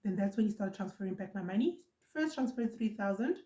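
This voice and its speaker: A young South African woman vlogger telling a story in a casual, animated way, repeating herself for emphasis. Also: medium pitch, brisk, roomy sound.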